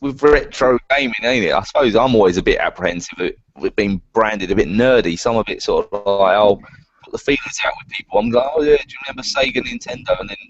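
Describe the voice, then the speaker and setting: A British man in casual chat, hesitant and self-deprecating, slipping into quick mimicry. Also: lowish voice, no echo. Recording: dry, muffled call audio.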